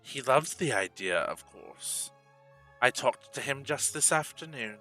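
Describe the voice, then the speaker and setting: A man's voice: medium pitch, expressive, measured pace, sharp tone, soft background music, poor audio. A man voicing a smug, menacing male dwarf priest who schemes in a fantasy tabletop game.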